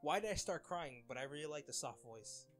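A man's voice: a little high, lively intonation, fairly quick, fairly bright tone, soft background music. A young man reading fan comments aloud in casual chat, laughing often and getting flustered over names.

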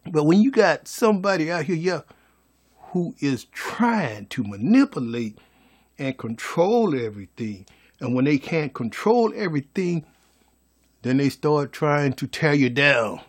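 A man's voice: fairly high pitch, sing-song, a little slow. A man giving a folksy, preachy motivational monologue as a vlogger.

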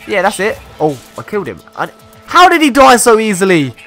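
A young man commentates on his game in a bright, lively, fairly high voice that leaps up and down in pitch. He talks in excitable bursts and exclaims often, with soft game music running underneath. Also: fast. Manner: animated, exclaiming and laughing often. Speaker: gaming YouTuber. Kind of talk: excitable let's-play commentary.

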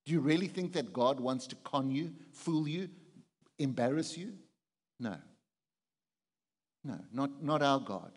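A man's voice: mid-range voice, animated, measured pace, long pauses, in a large hall. A man preaching a conversational sermon as pastor, often putting questions to the congregation. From South Africa.

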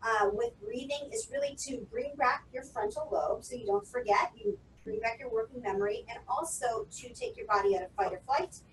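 A woman public speaking coach guides listeners through breathing drills in a calm, instructive way, counting steadily. Her voice sits a little high. The sound carries a roomy echo and some faint background noise, as if she is some distance from the mic. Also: fairly quick.

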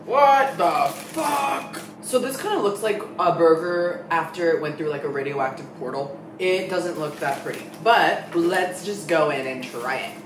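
A man's voice: fairly high pitch, normal speed, hardly any pauses, noisy background. A young man in a casual food-tasting vlog, talking dramatically and expressively, swearing freely as he reacts. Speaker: food vlogger. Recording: echoey room.

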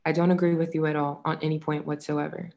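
A woman reading a nonfiction book aloud in a measured way, saying the quote marks out loud. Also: low voice, level tone, gravelly. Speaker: audiobook reader.

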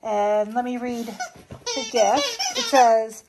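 A woman chatting to her dog in a pet vlog, cooing in a high sing-song voice and laughing often. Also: sing-song, slow, darkish tone, slight background noise.

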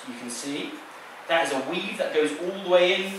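Playful stage magician in an echoey theater. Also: male voice, a little high, normal speed, fairly bright tone, a little hiss or hum. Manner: playful, teasing patter with a volunteer. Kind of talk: live stage magic patter. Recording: echoey theater sound from a distance.

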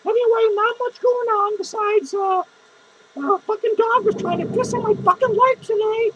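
A man's voice: extremely high pitch, fairly even intonation, normal speed, fairly bright tone, dull audio. A man playing a foul-mouthed, drunk, lonely female clown who rambles, curses constantly and grumbles through a comic podcast monologue. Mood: cranky. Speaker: podcast host character. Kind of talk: improvised comedy monologue.

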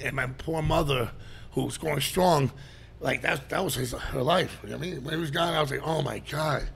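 A middle-aged man, a podcast guest telling stories in a loud, animated way and swearing freely. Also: a little high. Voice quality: gravelly, animated, swears a lot and shouts during stories. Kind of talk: casual storytelling.

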